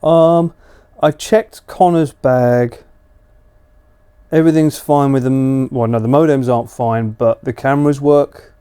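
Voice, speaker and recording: A man streaming live from home late at night, chatting casually and slipping into high sing-song baby talk for a dog. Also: fairly even intonation, measured pace, mellow, clear, resonant tone.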